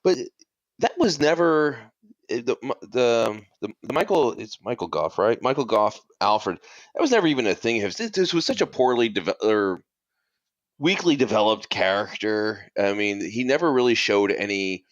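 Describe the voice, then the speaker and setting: A man who is a guest on a film podcast, speaking in a halting way with many fillers. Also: fairly low pitch, very animated, no room sound, lo-fi sound. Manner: halting, hesitant, lots of fillers. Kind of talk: casual film-discussion chat.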